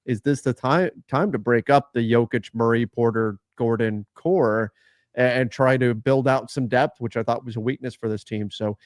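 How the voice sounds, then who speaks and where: A man co-hosting a casual sports talk show, laying out his points in a measured way. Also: mid-range voice, dry recording, clean studio sound. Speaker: co-host.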